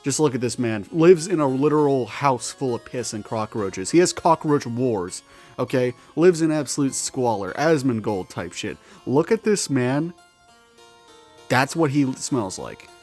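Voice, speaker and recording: A weary, sardonic male monster with tails, played by a man tells his story in a rambling, profane and exasperated way. The voice sits at an everyday middle pitch. Soft music runs faintly underneath. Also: animated, unhurried. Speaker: roleplaying storyteller. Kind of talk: in-character storytelling vlog.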